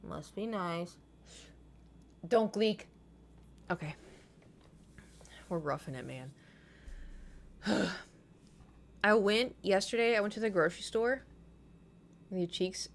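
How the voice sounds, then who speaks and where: A woman's voice: medium pitch, slow pace, gravelly, pauses often, a little hiss or hum. A young woman with a slight lisp from braces, chatting casually on a live stream and telling rambling, self-mocking stories with frequent laughter.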